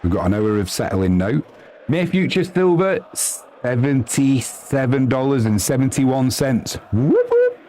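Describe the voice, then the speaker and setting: A man calls a football match live for his stream, chatting casually and answering viewers between plays. His voice sits at an everyday middle pitch and leaps into high yelps when a goal goes in. A faint hiss runs under the recording. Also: a little slow. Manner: chatty and excitable, bursting into high yelps at goals.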